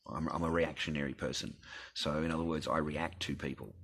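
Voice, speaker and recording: Australian man, deep voice, husky, blunt rambling rant, constant swearing. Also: steady tone, a little fast, fairly bright tone. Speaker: vlogger. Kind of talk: ranting personal story.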